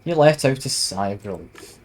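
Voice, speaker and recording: A man's voice: medium pitch, animated, moderate pace, a little hiss or hum, poor audio. A man streaming a video game, reading the on-screen text aloud and adding wry, self-mocking asides. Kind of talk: casual let's-play narration, reading game text aloud.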